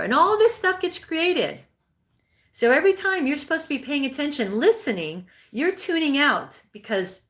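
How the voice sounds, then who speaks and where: A woman's voice: sits high, sing-song, normal speed, fairly bright tone. A woman in her sixties giving a live-streamed spiritual healing talk and answering viewer comments. She speaks earnestly and conversationally, with frequent restarts. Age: 60s. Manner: acts out inner thoughts in a raised, pleading voice.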